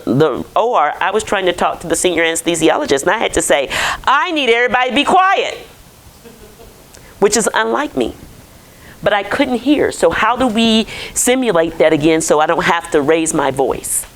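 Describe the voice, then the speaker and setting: A woman's voice: on the low side, low-quality recording. A woman physician giving a conversational conference lecture and putting questions to the audience. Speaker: physician presenting to clinicians.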